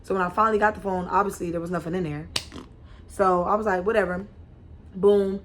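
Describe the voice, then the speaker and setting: A young woman telling a casual storytime to camera, animated and slangy, with frequent restarts. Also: medium pitch, brisk, slight background noise. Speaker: vlogger.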